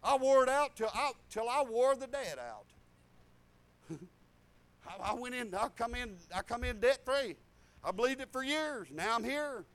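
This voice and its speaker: A man's voice: animated, moderate pace, long pauses, a bit bright. An older man, preaching a folksy sermon full of stories, laughter and hallelujahs. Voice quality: high-pitched. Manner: rambling storytelling with laughs and hallelujahs.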